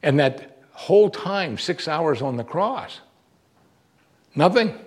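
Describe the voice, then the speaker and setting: A man's voice: lively intonation, slow pace. Earnest male preacher with rising emphasis. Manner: earnest, emphatic, with rising pitch on key words. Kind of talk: sermon.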